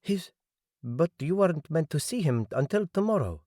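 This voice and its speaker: A man's voice: fairly high pitch, very animated, moderate pace, dark tone, dry recording, studio quality, pitched above the performer's own voice. A male audiobook narrator voicing an anxious, tearful young woman with a Polish accent. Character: young Polish woman, emotional, close to the hero.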